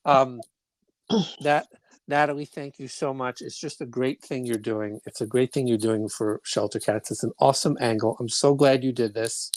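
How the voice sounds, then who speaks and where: A man's voice: medium pitch, fairly even intonation, moderate pace, dry recording. Rambling, jokey man from Brooklyn. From Brooklyn, New York. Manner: rambling, restarts often, jokey and irreverent. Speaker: podcast co-host. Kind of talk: casual podcast chat.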